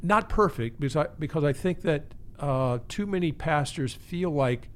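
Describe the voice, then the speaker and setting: A pastor who teaches pastoral care speaks earnestly and reflectively in a conversational interview, often restarting his phrases. His fairly high voice has lively intonation, a moderate pace, and hardly any pauses.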